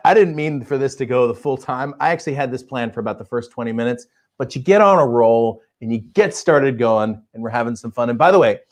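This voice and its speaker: A man hosting a live online show in a casual, chatty way, laughing often and reading out viewer comments. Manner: energetic, emphatic pitch. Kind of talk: casual live-stream talk.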